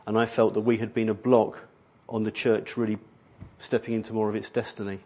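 A man's voice: on the low side, level tone, brisk, dark tone, slightly rough. Middle aged guy pastor giving a sermon in a church hall, easygoing, keeps restarting sentences. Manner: conversational, rambling with frequent restarts and ums.

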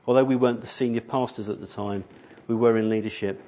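A man's voice: on the low side, fairly even intonation, fast, mellow. A middle-aged man preaching a sermon in a church hall, rambling and conversational, with many restarts. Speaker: pastor.

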